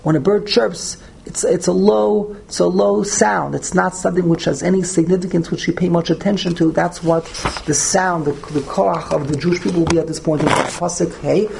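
A man's voice: sits high, steady tone, normal speed, gravelly, few pauses, darkish tone, slight background noise. A man teaching a text study class verse by verse, often repeating and restarting his words. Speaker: Torah teacher.

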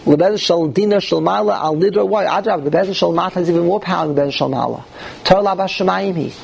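A man's voice: sits high, fast talker, creaky, breathy edge, poor audio. A man teaching a classroom Talmud lecture, emphatic and often restarting, putting questions to his listeners. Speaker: Torah teacher.

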